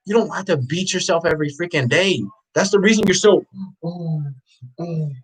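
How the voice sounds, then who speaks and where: This motivational vlogger, a man with a somewhat high voice, rants off the cuff at normal speed on a rough recording. Bluntly intense and profane, he preaches by repeating the same questions and raising his voice to hammer them in.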